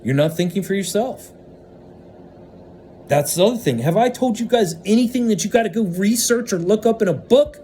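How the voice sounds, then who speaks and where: A man in an unscripted vlog monologue, ranting with lots of swearing and swinging between loud outbursts and hushed stretches. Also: high voice, lively intonation, moderate pace, slight background noise. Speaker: vlogger.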